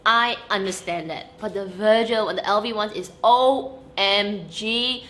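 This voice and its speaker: A young female vlogger chats animatedly to the camera, her mid-range voice moving at a measured pace over slight background noise. She's emphatic, laughs often, and keeps driving points home with "okay?"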